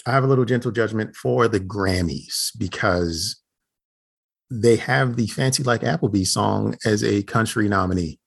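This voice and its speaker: A man chatting casually as podcast co-host over a video call. His voice sits low and gravelly with a husky edge. He talks in a wry, joking way. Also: moderate pace.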